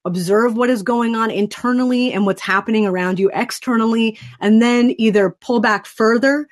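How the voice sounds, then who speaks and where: A woman trainer leading a webinar, calmly and soothingly guiding listeners through a breathing exercise. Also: on the high side, normal speed. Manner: calm, soothing and instructive. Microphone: desk microphone.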